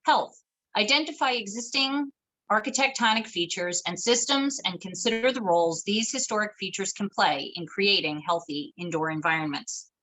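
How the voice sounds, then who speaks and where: A woman's voice: medium pitch, pushed and bright, rough recording. A woman moderating an online webinar, reading formal announcements and learning objectives from a script. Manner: formal, announcing list items. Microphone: video call.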